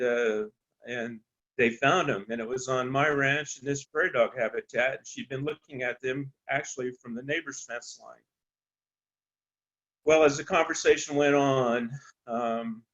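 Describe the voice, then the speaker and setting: A man from eastern Colorado, a rancher, telling a story in a halting, folksy way with many ums and restarts. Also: medium pitch, a bit bright, lo-fi sound. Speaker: rancher on a landowner panel. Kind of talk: storytelling on a panel talk.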